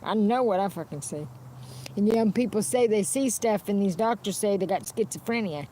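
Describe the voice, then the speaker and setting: A woman's voice: mid-range voice, fairly quick, dark tone, a little hiss or hum. A woman streaming a rambling, unscripted monologue, blunt and profane, often restarting her sentences. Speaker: livestreamer.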